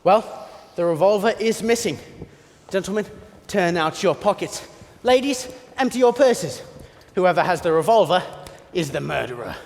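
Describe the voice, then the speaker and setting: A man playing a theatrical butler who narrates in a school stage play, telling the story with dramatic, animated energy. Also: high-pitched, normal speed. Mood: commanding. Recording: long hall reverb with loud music.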